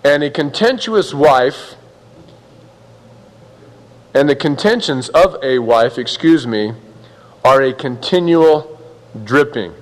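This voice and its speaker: A man's voice: mid-range voice, lively intonation, slow, pauses often, in a large hall, rough recording. A man preaching a sermon in a conversational, folksy way, acting out little quotes as he goes. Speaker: pastor.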